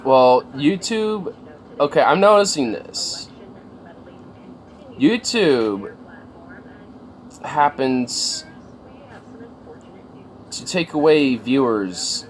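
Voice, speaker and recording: A man's voice: mid-range voice, expressive, slow pace, long pauses, a little hiss or hum. A man chatting casually on a livestream, rambling and swearing, with lots of fillers. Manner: rambling, profane, many fillers.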